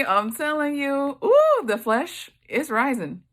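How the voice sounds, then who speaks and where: Expressive woman leading Bible study. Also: high-pitched, takes it slowly. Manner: emphatic and expressive, reacting to the text. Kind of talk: scripture reading with commentary.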